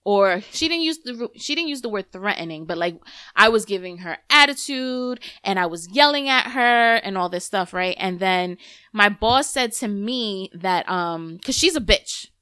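A woman's voice: mid-range voice, normal speed, smooth, no room sound, studio quality. A woman in her thirties hosting a podcast, telling a story in casual, candid chat, cursing freely. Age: 30s. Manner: candid, profane, animated storytelling. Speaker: podcast host.

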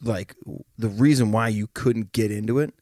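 A man's voice: lowish voice, normal speed, no echo, clean studio sound. A podcast co-host, a man, chatting casually and laughing his way through a funny story. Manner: laughs while telling stories, relaxed interjections. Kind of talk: casual comedic chat.

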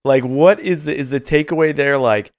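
Man, podcast host, interview, medium pitch, encouraging, frequent short agreements. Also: moderate pace, darkish tone.

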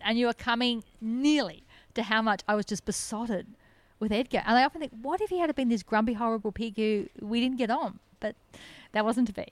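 Earnest woman, bright voice. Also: fairly high pitch, normal speed, dry recording. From Australia. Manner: earnest, enthusiastic, laughs often. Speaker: animal sanctuary founder, podcast guest. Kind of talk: storytelling in a podcast interview.

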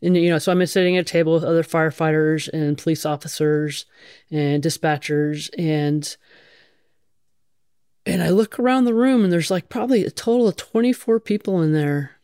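A woman's voice: low voice, moderate pace, mellow, smooth, no echo, clean studio sound. A middle-aged woman firefighter telling her own story in a blunt, casual way, swearing freely and using many fillers. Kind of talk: candid conversational storytelling.

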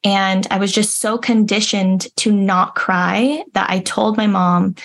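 A woman's voice: mid-range voice, steady tone, slow, few pauses, a bit bright. A young adult woman speaking earnestly and reflectively as an interview guest, with frequent restarts. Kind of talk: casual interview conversation.

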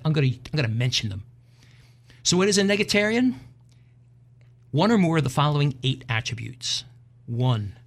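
A man's voice: medium pitch, vocal fry. Emphatic middle-aged man ranting. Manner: emphatic, digressive ranting with wry asides. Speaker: podcast host. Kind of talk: opinion rant monologue.

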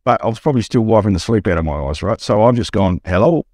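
A middle-aged Australian man, a buyer's agent, telling an animated anecdote on a podcast and acting out the quotes. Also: quick pace, no room sound, clean studio sound. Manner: storytelling, acts out quotes with rising pitch.

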